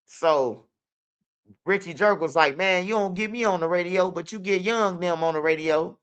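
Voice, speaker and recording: A man's voice: high-pitched, moderate pace, a bit bright, clear, resonant tone. A young man with a Chicago accent telling street stories in loose, profane casual talk. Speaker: interviewee. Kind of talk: casual storytelling.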